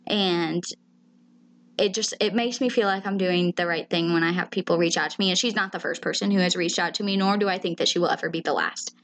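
A woman's voice: lowish voice, steady tone, brisk, fairly bright tone. Candid, foul-mouthed woman podcast host. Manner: candid and emotional, swears freely. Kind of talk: casual chat.

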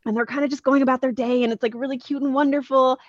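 A woman's voice: high-pitched, fast talker, no room sound, highs cut off. A woman on a podcast casually retelling a comic book story with lots of energy, acting out the characters' lines. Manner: animated, acts out characters' lines.

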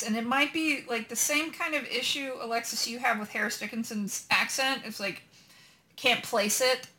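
A woman podcast co-host talks in an animated, deliberate way. Her voice sits a little high and sounds bright. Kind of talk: casual discussion.

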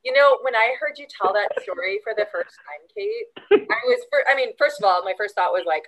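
A woman's voice: mid-range voice, animated, brisk, fairly bright tone, poor audio. A woman co-host chatting casually, enthusiastic and gushing about the guest. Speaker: podcast co-host. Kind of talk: casual chat.

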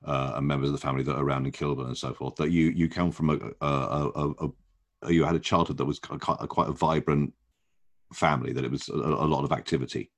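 Deep-voiced, halting podcast interviewer. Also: male voice, fairly even intonation. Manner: halting, with many repeated words. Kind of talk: interview questions.

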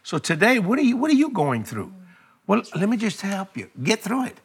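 Gravelly, lively preaching man. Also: high-pitched, a little fast. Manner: fervent, emphatic, quotes scripture, acts out dialogue. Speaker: preacher and show guest. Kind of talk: preaching in a studio talk show. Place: TV studio.

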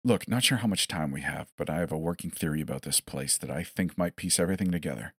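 A jittery, fed-up man in a horror audio story, as a narrator puts him on, blunt and exasperated. His deep voice is close to the narrator's own, recorded close and dry. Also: fast talker, fairly bright tone, slightly rough, no echo, exaggerated voice. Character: nervous, desperate, fed-up man.

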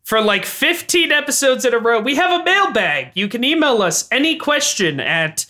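A man's voice: extremely high pitch, sing-song, normal speed, bright, forceful tone. A man hosting a podcast with his mother, chatting casually and joking at his own expense. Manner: jokey, self-mocking. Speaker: podcast host. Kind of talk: casual chat.

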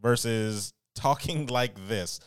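A man's voice: medium pitch, slow pace, smooth, no echo, clean studio sound. A man hosting a podcast, wry, moving the chat from one topic to the next. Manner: wry, moves the show along. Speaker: podcast host running the segments. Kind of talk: casual podcast banter.

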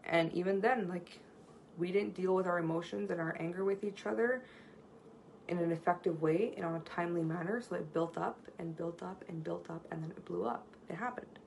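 A woman's voice: on the low side, a little fast, gravelly, darkish tone, a little hiss or hum, low-quality recording. A woman giving a conversational seminar on communication, telling stories earnestly from home and often checking in with "right?". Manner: earnest, storytelling, frequent "right?" tag questions. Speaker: workshop presenter on communication. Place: at home near a street.

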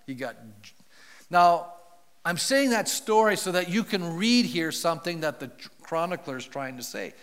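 A man's voice: a little high, animated, measured pace, a bit bright. Man preaching in a reverberant church hall. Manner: conversational storytelling with questions to the congregation. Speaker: pastor. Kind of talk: sermon. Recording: long reverb of a large hall.

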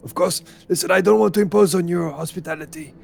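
Man doing a weary monster hunter, very gravelly, high voice, formal and polite, music underneath. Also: quick pace, a little mellow, exaggerated voice. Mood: courteous. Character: weary male monster hunter, courteous and guarded. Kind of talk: tabletop role-play.

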